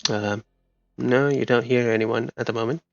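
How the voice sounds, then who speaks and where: A man narrating a tabletop game as game master, speaking haltingly with many fillers and restarts. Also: medium pitch, fairly even intonation, vocal fry, no room sound. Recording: muffled lo-fi mic, faint music.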